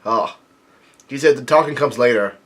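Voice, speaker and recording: A young man talks his way through a manga chapter, stopping and restarting often and filling pauses with ums. His voice sits in an ordinary middle pitch, and he perks up whenever he reads a character's line aloud. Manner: halting, many fillers and restarts, reads quoted lines with lifted energy. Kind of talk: casual read-through commentary.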